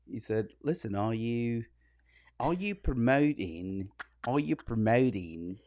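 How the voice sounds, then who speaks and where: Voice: mid-range voice, takes it slowly, no room sound, studio quality. A podcast co-host in casual chat who laughs a lot while telling stories. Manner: laughs a lot, lively rise and fall.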